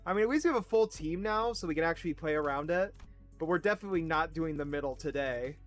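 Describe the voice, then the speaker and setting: A man's voice: on the high side, lively intonation, quick pace, soft background music. A man streaming a game, rambling casually, swearing and mocking himself. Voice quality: swearing, self-deprecating, rambling. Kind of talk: casual gaming commentary.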